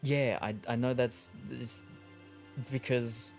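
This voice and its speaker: A man's voice: medium pitch, fairly even intonation, slow pace, soft background music. An Australian man chatting casually while streaming a game, rambling and hesitant with lots of ums and uhs. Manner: rambling, hesitant, many fillers. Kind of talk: casual chat while gaming.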